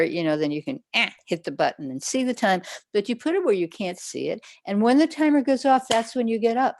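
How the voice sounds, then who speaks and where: A woman's voice: fairly low pitch, darkish tone, dry recording. A woman Zen teacher answering questions in a livestream talk, conversational, now and then acting out people's inner voices. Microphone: livestream setup.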